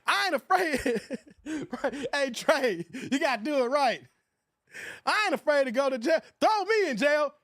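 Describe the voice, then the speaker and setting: Laughing, high-voiced streamer in a dry room. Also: male voice, a little slow, no echo. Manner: animated, laughing, quoting movie lines. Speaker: live stream host. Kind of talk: casual live stream chat.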